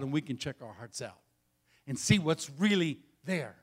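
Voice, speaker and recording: A man preaching a sermon as pastor, swinging between quiet, intimate passages and loud, emphatic ones, repeating key phrases. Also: a little high, lively intonation, moderate pace.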